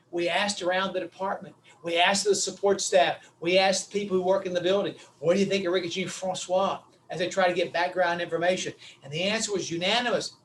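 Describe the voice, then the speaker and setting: A man giving a motivational webinar talk, telling stories in an animated way that swings from loud to quiet. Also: sits high, brisk, few pauses, distant mic, a little hiss or hum, low-quality recording. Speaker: speaker.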